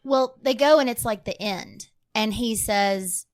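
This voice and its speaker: A woman with a fairly high voice co-hosts a film podcast. She talks casually and conversationally. She chimes in to fill in the plot details. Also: unhurried.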